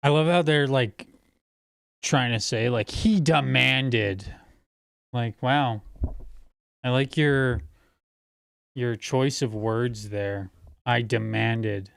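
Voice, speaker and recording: A man's voice: medium pitch, takes it slowly, long pauses, clear, resonant tone, no echo, clean studio sound. A man hosting a livestream in casual chat, blunt and picky about how words get used. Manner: blunt, pedantic about wording. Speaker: livestream host.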